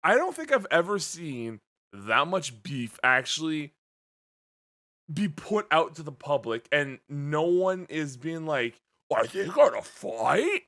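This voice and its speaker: A young man hosting a podcast, telling stories in an animated way and swearing freely. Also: on the high side, takes it slowly. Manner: animated storytelling with swearing and laughs. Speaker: podcast host. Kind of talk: casual podcast chat.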